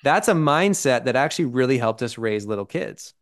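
A man's voice: mid-range voice, expressive, fairly quick. A man co-hosting a podcast, explaining ideas in casual chat and checking in with "right?" and "okay?". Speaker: podcast co-host.

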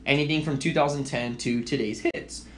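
A young man co-hosting a podcast, swearing freely and telling animated stories in casual chat. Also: medium pitch, a little fast, a little hiss or hum. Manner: profane, animated storytelling. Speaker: podcast co-host.

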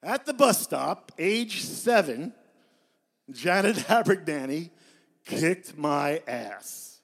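A man in his fifties giving a live poetry reading in a bar, with deadpan, self-mocking storytelling. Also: a little high, slow pace, gravelly, slightly rough. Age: 50s. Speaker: poet.

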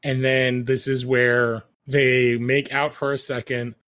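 A man's voice: medium pitch, level tone, slow pace, a bit bright. Casual man recapping episodes at length. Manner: rambling recap full of "like" fillers, acting out quotes. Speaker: podcast co-host recapping a TV show. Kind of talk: casual chat.

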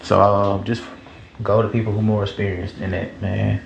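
A man's voice: on the low side, level tone, normal speed, gravelly, muffled recording, background noise. A man in his twenties hosting a podcast, rambling casually with slang and swearing, in an echoey room. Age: 20s. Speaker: podcast host. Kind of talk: casual chat.

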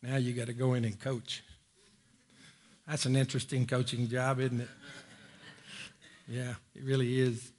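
A middle-aged man preaching a sermon in a church, folksy and joking, climbing higher when he presses a point. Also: level tone, a little slow, long pauses, a little mellow. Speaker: pastor. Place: church sanctuary.

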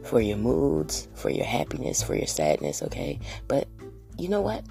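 Brief: female podcast host, very deep and gravelly, restless profane monologue full of rhetorical questions, light guitar bed. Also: huge pitch swings, normal speed, mellow. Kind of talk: rambling solo monologue.

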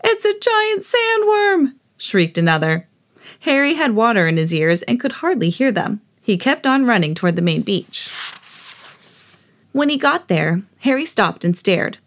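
A woman hosting a podcast, reading a children's picture book aloud in an expressive storytelling voice. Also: moderate pace. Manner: expressive, jumps high for quoted characters. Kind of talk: read-aloud storybook narration.

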